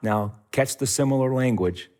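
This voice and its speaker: Animated middle-aged male pastor preaching. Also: medium pitch, moderate pace. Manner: animated storytelling, acting out quotes. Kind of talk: sermon.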